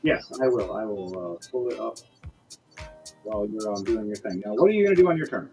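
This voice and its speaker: A man's voice: lowish voice, lively intonation, brisk, mellow, soft background music, rough recording. A man narrating as game master, talking casually and crudely with many fillers and restarts. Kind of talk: narrating a tabletop game over a stream.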